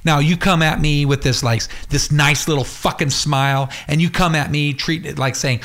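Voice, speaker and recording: A man's voice: fairly even intonation, moderate pace, hardly any pauses. A man hosting an internet radio show, ranting angrily with heavy swearing, then chatting casually about upcoming shows. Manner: yelling, swearing, raising pitch in anger. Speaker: podcast host. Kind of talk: angry profane rant.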